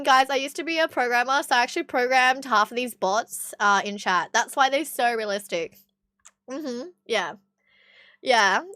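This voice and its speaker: A woman's voice: sits high, pushed and bright, no room sound, studio quality. A young woman with an Australian accent chatting bluntly with her stream viewers, swearing often. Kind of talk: casual chat with stream viewers.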